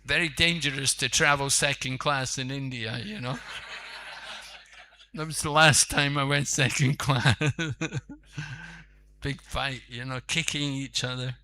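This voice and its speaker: A man's voice: mid-range voice, steady tone, measured pace, long pauses, sharp tone. A man, a monk preacher, telling a sacred story in a conversational sermon with asides.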